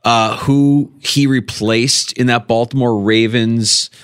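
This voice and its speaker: A man co-hosting a sports talk show, chatting in an animated, jokey way. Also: mid-range voice, slow, clean tone, no echo, clean studio sound. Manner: animated, jokey, does goofy voices. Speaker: sports radio co-host.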